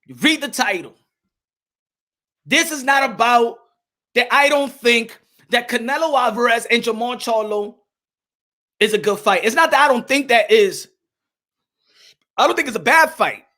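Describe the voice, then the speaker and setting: A man hosting a boxing vlog with energetic, hyped commentary. He shouts out viewers and mixes in Spanish phrases. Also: very high-pitched, a little slow, pauses often. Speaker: boxing channel host.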